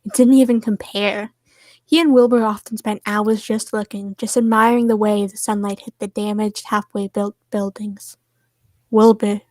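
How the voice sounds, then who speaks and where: A woman reading fan fiction aloud to friends on a stream, steady and soft in the sad parts. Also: mid-range voice, moderate pace, dry recording.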